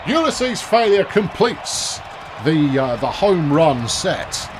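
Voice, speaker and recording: A gaming video host plays a baseball video game, giving wry, chatty let's-play commentary and often talking to himself. His voice is a little high and sing-song, he takes it slowly, and there's background noise.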